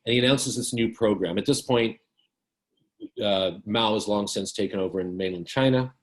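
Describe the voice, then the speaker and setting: A man giving a book talk in a casual, halting way, full of fillers and restarts, telling stories with wry humor. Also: lowish voice. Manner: hesitant, many fillers and restarts.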